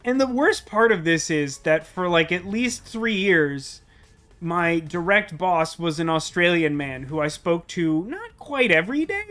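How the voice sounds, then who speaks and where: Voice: medium pitch, fairly bright tone. A streamer chatting casually and self-deprecatingly while playing a puzzle game, with many fillers. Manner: rambling, self-deprecating, lots of "like". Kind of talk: casual let's-play commentary.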